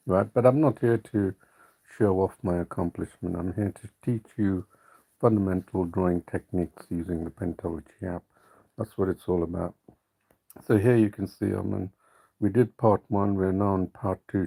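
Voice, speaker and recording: A man with a deep, gravelly voice hosts a live stream drawing tutorial. His tone is dark and mellow. He rambles easily and corrects himself as he goes. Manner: relaxed, rambling, self-correcting. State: hiccuping.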